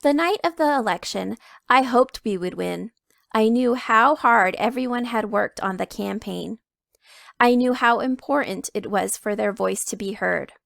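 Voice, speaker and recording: Gravelly-voiced woman reading a storybook. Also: a little high, unhurried, no room sound, clean studio sound. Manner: expressive, emphatic picture-book reading. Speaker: children's book reader. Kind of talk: read-aloud storytelling.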